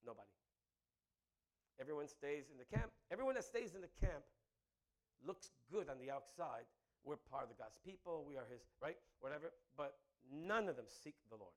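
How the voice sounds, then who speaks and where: A male pastor delivers a sermon with lively energy. His fairly high voice climbs into loud, emphatic peaks, then sinks into soft, reflective asides, with frequent laughter. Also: normal speed.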